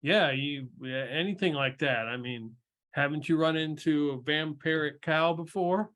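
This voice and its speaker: A man narrating a tabletop game as game master, halting with many restarts. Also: on the high side, a bit bright.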